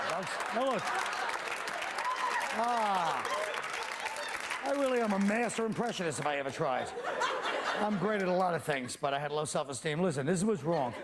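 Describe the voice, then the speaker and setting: Sardonic male comedy host, high voice. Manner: sardonic, mock-alarmed ranting. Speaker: comedy panel show host. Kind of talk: stand-up monologue and panel banter. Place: TV studio with live audience. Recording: studio audience laughter and noise.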